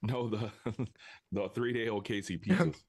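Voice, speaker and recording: Man, low voice, playful co-host, casual podcast banter. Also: a little slow, a little mellow, husky, no room sound, studio quality. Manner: playful, reads chat aloud.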